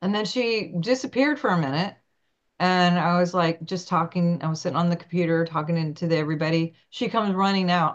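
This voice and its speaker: A woman with a lower speaking voice tells personal stories in an interview. She swings into animated, higher quoted voices as she acts out each scene. The audio is dull and lo-fi. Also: brisk. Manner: animated, acts out quotes with big pitch jumps. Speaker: guest, naturopathic doctor. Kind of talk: storytelling in an interview.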